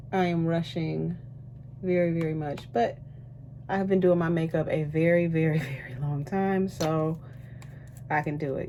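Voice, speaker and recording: This deep-voiced woman, a singer and vlogger on a cruise ship, talks at a moderate pace while applying makeup in her cabin. She's breathless yet chatty and animated, often turning to address viewers, and there's slight background noise.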